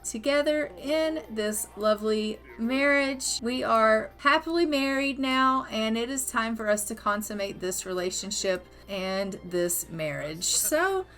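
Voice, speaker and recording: A woman's voice: fairly high pitch, animated, unhurried, few pauses, fairly bright tone, faint music behind. A woman giving chatty, cheerful commentary over a life-sim game, narrating what her characters do. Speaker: gaming video host. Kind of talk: casual gameplay commentary.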